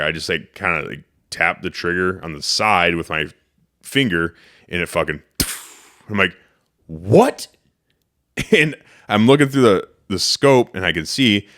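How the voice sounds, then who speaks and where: Deep-voiced man telling a hunting story. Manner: animated, profane, acts out his own quotes. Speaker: podcast host. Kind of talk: casual storytelling.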